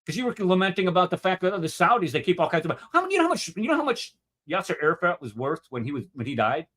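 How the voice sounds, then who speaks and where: A man's voice: sits high, very fast. Argumentative man hosting a debate show. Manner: argumentative, animated, acts out quotes. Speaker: host. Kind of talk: casual debate chat.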